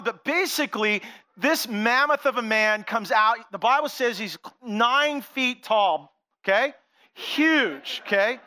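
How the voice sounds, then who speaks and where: A man telling a Bible story to children in an animated, playful way, talking directly to the kids. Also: very high voice. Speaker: children's pastor. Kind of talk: sermon for children.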